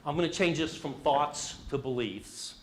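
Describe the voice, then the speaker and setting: A man's voice: a little high, measured pace, slight background noise. A middle-aged man presenting a leadership workshop, speaking with animation and asking the audience questions. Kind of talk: interactive leadership workshop talk.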